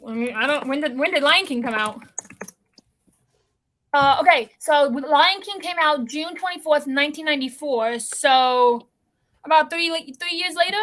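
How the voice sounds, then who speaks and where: Woman, high pitch, bright voice, co-host, casual chat, chatty asides. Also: moderate pace. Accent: non-local accent that others remark on.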